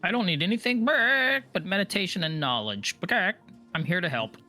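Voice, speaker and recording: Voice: mid-range voice, expressive, normal speed, sharp tone, soft background music. A player in a tabletop game, joking playfully in character.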